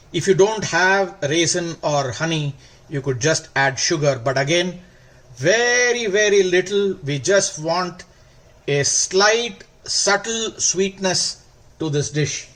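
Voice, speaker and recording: A man hosting a cooking demonstration, explaining each step calmly and stretching words for emphasis. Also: fairly high pitch. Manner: calm, step-by-step instructional. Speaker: cooking channel host.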